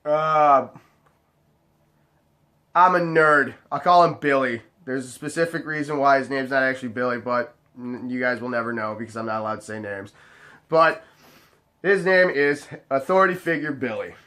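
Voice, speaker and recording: A man who works as a bar bouncer, telling a story to the camera in a casual, profane, animated way. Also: mid-range voice, normal speed. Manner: profane, animated, acts out other people's voices.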